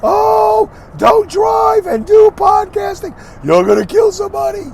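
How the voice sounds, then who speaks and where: A man's voice: very animated, a little slow, gravelly, slight background noise, exaggerated voice. A man putting on the voice of a panicky, overreacting worrier who shrieks frantic warnings. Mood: panicked. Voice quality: shrill, frantic shouting.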